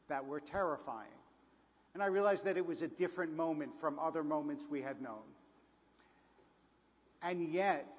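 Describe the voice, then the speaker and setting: A man from Philadelphia giving a storytelling speech to an audience, with quotes and humor. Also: a little high. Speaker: panel speaker. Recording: hall reverb.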